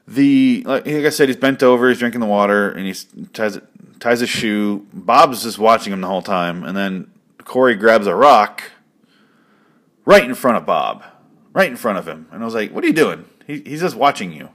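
A man's voice: on the low side, normal speed, fairly bright tone. A man hosting his own show, rambling through a casual recap with swearing and jokes. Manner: rambling, profane and jokey. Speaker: podcast host.

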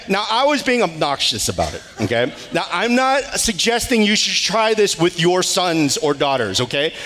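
Animated preaching man in a hall. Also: high voice. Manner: animated storytelling with wails and laughs. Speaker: pastor. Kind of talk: sermon. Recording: long hall reverb.

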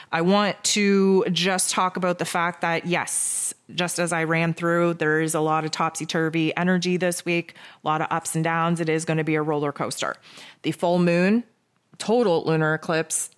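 A woman with a somewhat low voice talks through an astrology forecast. She speaks off the cuff, leans on sarcasm and self-mockery, and stacks up repeated words and phrases as she goes. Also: clear, resonant tone. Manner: repetitive, builds lists of near-synonyms.

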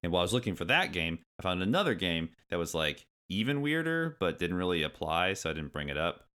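A man co-hosting a podcast in casual chat, joking and quick to laugh, with wisecracking asides. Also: low-pitched, sing-song, pushed and bright, smooth. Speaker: podcast co-host.

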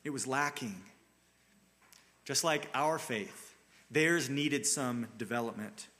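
Bright-toned man preaching a sermon. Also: medium pitch, slow. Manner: earnest storytelling, dramatizes the scripture scene. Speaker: pastor.

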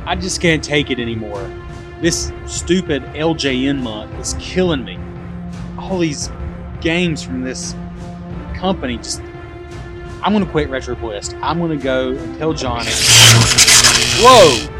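Man, podcast co-host, casual wry banter, mid-pitched, music clearly underneath. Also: lively intonation, unhurried.

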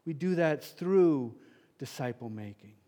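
A middle-aged man preaching a sermon in a church, passionate and emphatic, with sudden loud peaks and then a soft, quiet prayer. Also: fairly high pitch, lively intonation, a little slow. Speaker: pastor.

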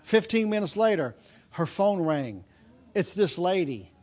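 A man preaching a sermon, telling a personal story and then building into a loud, repetitive preaching cadence. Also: high voice, sing-song, unhurried.

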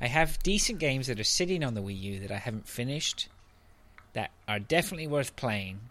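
A man's voice: medium pitch, expressive, fairly quick, bright, forceful tone. A man co-hosting a casual gaming podcast, joking dryly and reading out chart rankings. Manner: dry, joking, reads chart lists. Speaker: podcast co-host. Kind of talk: casual chat.

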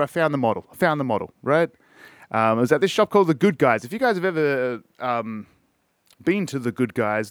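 A man's voice: medium pitch, no echo, clean studio sound. An Australian man telling a rambling, profane story in a casual podcast chat. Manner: profane, rambling, self-interrupting. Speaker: podcast host.

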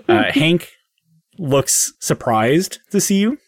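A man narrating a tabletop game as dungeon master, casual and halting with fillers. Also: fairly high pitch, wildly swooping pitch, no echo, clean studio sound.

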